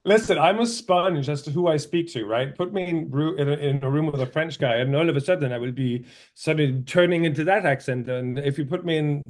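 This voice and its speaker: A man's voice: on the high side, fairly quick, hardly any pauses. A man who grew up in Denmark, an actor chatting casually and animatedly on a video call interview. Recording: remote video call audio.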